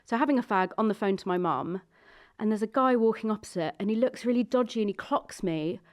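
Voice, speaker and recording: A woman's voice: mid-range voice, fairly quick. A woman, a podcast guest casually telling an anecdote and acting out what people said. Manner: lively storyteller, acts out quotes.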